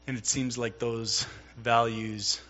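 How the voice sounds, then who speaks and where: A man's voice: mid-range voice, flat delivery, takes it slowly, sharp tone, muffled recording. A middle-aged man preaching a sermon in a conversational way, telling a personal story and acting out the dialogue. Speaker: pastor.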